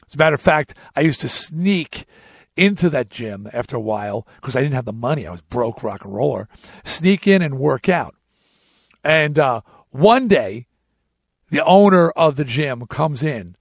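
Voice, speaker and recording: A middle-aged man spins a casual story, blunt and profane, and often restarts his sentences. His voice sits a bit high and swoops up and down, and the sound is dry and close. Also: gravelly, dry recording. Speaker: podcast host.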